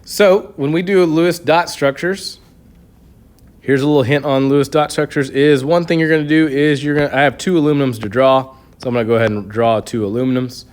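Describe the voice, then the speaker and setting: A man's voice: mid-range voice, steady tone, fairly quick. A man teaching a chemistry review lesson, explaining step by step with a patient manner and frequent checks of "okay". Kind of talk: recorded classroom review lesson.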